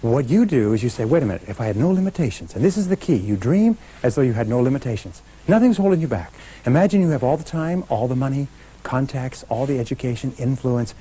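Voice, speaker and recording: A middle-aged man gives an emphatic motivational seminar talk, addressing a live audience and driving home each point. His voice is mellow and a little husky, at an ordinary pitch. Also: expressive, fast talker, rough recording. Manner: emphatic, talks straight to a live audience, leads call-and-response chants. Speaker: motivational speaker.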